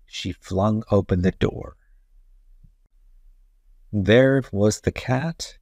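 Slow, low-voiced man reading a storybook. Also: no echo, studio quality. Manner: slow, gentle, deliberate. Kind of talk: children's read-aloud narration.

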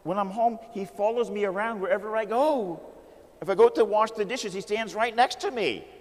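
A woman's voice: medium pitch, normal speed, in a large hall, pitched above the performer's own voice, natural voice. A man voicing a fretful, exasperated wife who helps in a church, with a rising, pleading complaint. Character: fretful Irish sacristan lady, exasperated wife.

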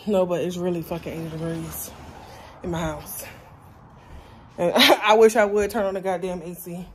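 A woman's voice: fairly low pitch, fairly even intonation, moderate pace, low-quality recording. Blunt, profane young woman vlogging. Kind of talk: casual vlog chat. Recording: loud street traffic noise. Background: passing cars.

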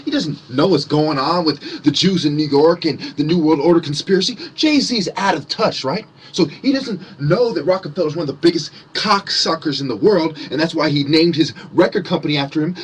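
A man ranting angrily to camera with heavy swearing and mocking sarcasm, his voice swinging between loud outbursts and low muttering. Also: breathy edge. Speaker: conspiracy vlogger. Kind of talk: angry profane rant to camera.

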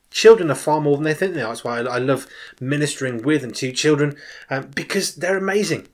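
Fairly high-pitched and brisk, a forties-aged man who serves as a children's minister delivers an informal, animated testimony from the pulpit. His volume shifts emphatically as he speaks.

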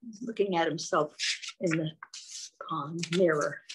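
A woman reading a picture book aloud to young children, expressive and stopping to ask them questions. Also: sits low, slight background noise, poor audio. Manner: expressive, pauses to ask little listeners questions. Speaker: storyteller for children.

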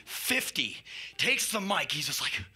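A man telling a wild anecdote in an excitable, profane way, shouting and mimicking sound effects as he goes. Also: on the high side, a little slow, background noise. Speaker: spoken-word storyteller.

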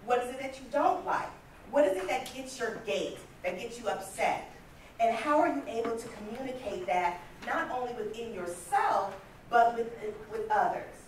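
A woman in her fifties giving a motivational talk at a conference, telling stories in a lively way and acting out the voices she quotes. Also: fairly high pitch, moderate pace, a little hiss or hum. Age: 50s. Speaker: conference speaker. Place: large conference hall. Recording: echoey hall from far off.

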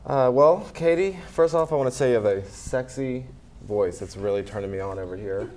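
A man voicing a sleazy, crude bachelor who talks in slow, low, leering come-ons. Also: warm tone, a little hiss or hum, close to an everyday voice. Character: sleazy deep-voiced bachelor, a crude flirt.

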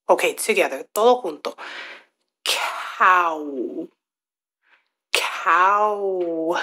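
A young woman teaching toddlers, slowly sounding out letters and words in a bilingual lesson. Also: lowish voice. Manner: slow, sounds out letters, animated. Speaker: children's teacher.

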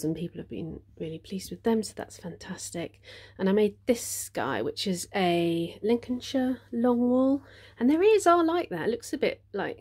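A woman's voice: medium pitch, darkish tone, breathy edge. A woman, casually chatting in a studio vlog about her needle-felted animals, thinking aloud with frequent ums. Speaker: needle felting vlogger.

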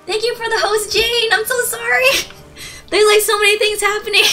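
A woman's voice: extremely high pitch, fairly even intonation, normal speed, pushed and bright, faint music behind, rough recording. A woman streaming a video game live, chatting with viewers in a bubbly, gushing way, giggling and thanking them. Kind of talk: live gaming stream commentary.

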